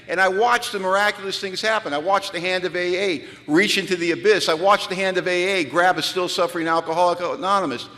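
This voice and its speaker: Bright-voiced man in a large hall. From Pacific Northwest of the US. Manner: animated, acts out dialogue, drops low for his own past self. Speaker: recovery retreat speaker. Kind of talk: storytelling talk to a live audience. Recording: reverberant hall.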